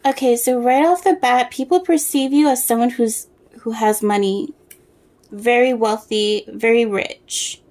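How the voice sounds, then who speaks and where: A woman with a slightly high voice gives a casual tarot reading straight to the viewer. She talks in a soft, rambling way, hunting for words and restarting her sentences as the reading comes to her. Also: steady tone, unhurried. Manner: rambling, searching for words, many fillers and restarts. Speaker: tarot reader.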